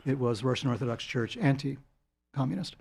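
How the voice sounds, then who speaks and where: An older man, telling long anecdotes as a guest in an interview, animated and chuckling. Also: mid-range voice, moderate pace, vocal fry, husky. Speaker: guest author. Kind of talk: storytelling interview.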